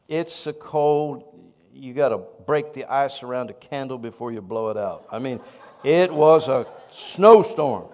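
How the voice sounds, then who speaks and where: A man who pastors a church, telling a story in a sermon with animated, self-deprecating humor. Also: medium pitch, big-room sound.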